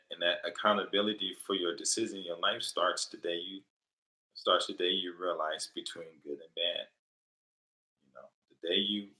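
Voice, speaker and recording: Deep gravelly man, blunt and profane. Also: bright, forceful tone, poor audio. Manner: blunt, profane, rambling with many "you know" fillers. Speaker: livestream host answering viewer questions. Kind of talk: late-night casual livestream chat.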